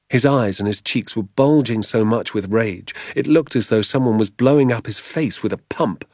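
A man with a fairly low voice reads a storybook aloud in a measured, expressive way. The sound is close and dry, with no room around it. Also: no room sound. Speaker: audiobook narrator. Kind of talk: storybook narration.

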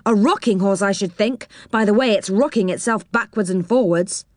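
A woman voicing Rick, an impatient boy who exclaims loudly, in a storybook reading. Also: medium pitch, normal speed, no room sound, clean studio sound, natural voice. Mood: exasperated.

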